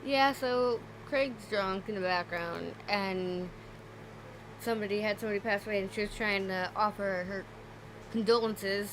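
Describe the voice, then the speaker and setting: A woman streamer chatting casually and thinking out loud as she sets up her stream. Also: medium pitch, normal speed, slight background noise, rough recording.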